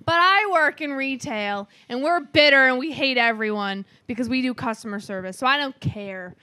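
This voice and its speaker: A woman co-hosts a casual movie review chat with a high, bright voice. She complains bluntly and gets exasperated, pushing her words hard. The sound is close and dry. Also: normal speed, no echo. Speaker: podcast co-host.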